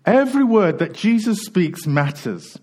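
A middle-aged male pastor preaching a sermon, a little out of breath, repeating key lines and slowing down hard to stress them. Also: high-pitched, sing-song, warm tone, low-quality recording. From United Kingdom. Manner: earnest preaching with repetition and slow emphatic phrases.

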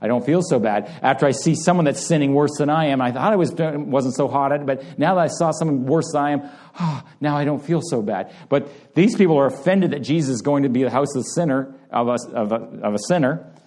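Mellow-voiced man preaching to a congregation. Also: mid-range voice, fast, hardly any pauses. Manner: conversational, voices the crowd's reactions aloud. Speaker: pastor. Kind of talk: sermon.

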